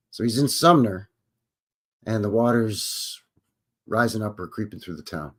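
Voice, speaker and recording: A man's voice: fairly low pitch, moderate pace, pauses often. A man hosting a live stream, reading song lyrics aloud and explaining them in a chatty, casual way. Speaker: host.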